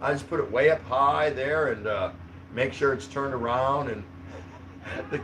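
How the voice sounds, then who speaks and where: Male livestream host, casual and chuckling, middle pitch, light background hiss. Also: measured pace, a bit bright, poor audio. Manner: rambling, chuckling, easygoing. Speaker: livestream host reading chat. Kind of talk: casual live chat. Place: home in the Philippines.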